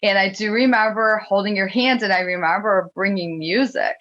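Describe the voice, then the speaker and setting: A woman's voice: mid-range voice, fairly even intonation, moderate pace, a bit bright. A woman host reminiscing emotionally with many restarts during an interview conversation. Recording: dull lo-fi sound.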